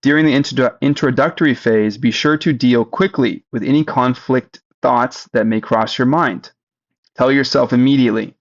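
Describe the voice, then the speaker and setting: A man leading a guided spiritual practice, speaking slowly and deliberately and asking listeners to repeat phrases after him. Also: mid-range voice, fairly even intonation, vocal fry, highs cut off. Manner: slow, deliberate, leads repetitions. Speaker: spiritual teacher. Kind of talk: guided meditation teaching.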